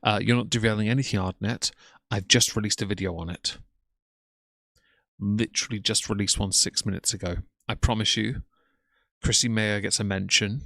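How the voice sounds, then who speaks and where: Low, dry-voiced man mocking on a stream. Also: fairly even intonation, moderate pace, creaky, bright, forceful tone, no room sound. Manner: scornful, mocking running commentary. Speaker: commentary streamer reacting to a livestream. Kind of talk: live stream commentary.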